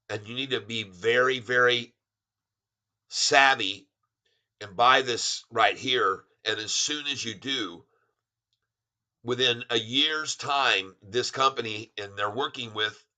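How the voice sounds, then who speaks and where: Bright-voiced excitable stock vlogger man. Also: mid-range voice. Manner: excitable and rambling, with exclamations and restarts. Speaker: stock market vlogger and songwriter. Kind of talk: casual livestream chat about stocks.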